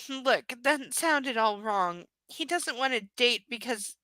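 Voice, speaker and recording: A woman's voice: a little high, lively intonation, slow pace, bright, forceful tone, dry recording, rough recording. Sarcastic woman reading aloud. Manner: sarcastic, swears, mocks the text. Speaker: reader of a novel. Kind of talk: live reading with sarcastic commentary.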